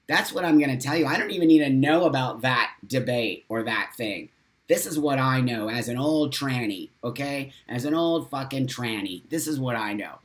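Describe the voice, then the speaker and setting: A middle-aged man of ordinary pitch hosts a casual live morning chat, answering viewer comments as they come in. He is blunt and emphatic, swears freely and laughs easily. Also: a bit bright. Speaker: host.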